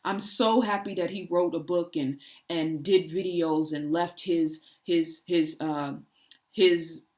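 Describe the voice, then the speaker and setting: A woman's voice: on the low side, slow pace, darkish tone. A woman giving an earnest inspirational talk, building through repeated rhetorical questions. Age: adult parent. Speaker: spiritual speaker. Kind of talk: inspirational monologue.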